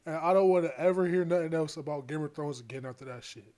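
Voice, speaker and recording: A man's voice: a little high, fairly even intonation, quick pace, hardly any pauses, a little mellow. A man reacting to a show in a casual, exasperated way, slangy and swearing. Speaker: show reviewer.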